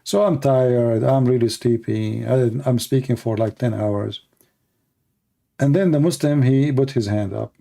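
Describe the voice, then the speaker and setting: Mellow-voiced man ranting sarcastically. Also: mid-range voice, measured pace, creaky. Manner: mocking, sarcastic, acts out opponents. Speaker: livestream debate host. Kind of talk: casual livestream rant.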